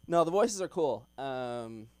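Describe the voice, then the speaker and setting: A man's voice: medium pitch, warm tone, smooth. A young man doing open mic stand-up in a comedy club, chatty with lots of ums and little laughs.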